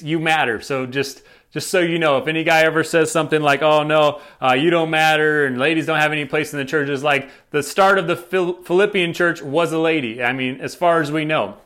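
A man's voice: a little high, a bit bright. A man preaching a sermon in a conversational, enthusiastic way, often asking "right?" as he goes. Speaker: pastor.

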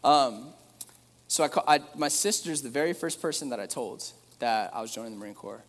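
A man's voice: mid-range voice, animated, brisk. A man preaching a sermon in a casual, conversational way, with joking asides to the room. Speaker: pastor. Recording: long hall reverb.

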